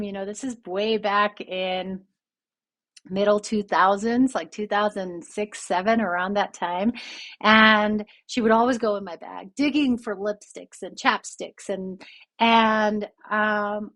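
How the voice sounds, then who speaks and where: Woman, podcast host and coach, candid and reflective, mid-pitched personal storytelling. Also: a bit bright. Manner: candid, reflective, self-critical.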